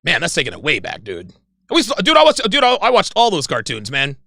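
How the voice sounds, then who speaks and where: A man in his forties hosting a livestream in casual chat, rambling and excitable. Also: on the high side, a little fast, gravelly, dry recording, studio quality. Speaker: livestream host.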